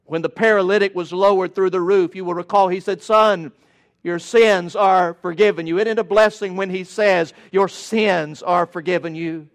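A man's voice: high voice, fairly even intonation, normal speed, hardly any pauses. A male preacher delivering a sermon in an emphatic, rhythmic cadence with touches of folksy humor.

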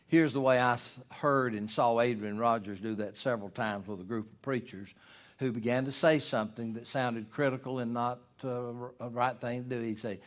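A middle-aged man, preaching a sermon as pastor, swinging from loud emphasis to hushed asides. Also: mid-range voice, moderate pace.

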